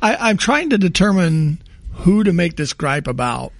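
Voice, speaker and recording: A man co-hosting a podcast in casual chat, fighting a cold and clearing his throat, griping in a rambling, self-correcting way. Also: high voice, very animated, normal speed, no room sound. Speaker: podcast co-host.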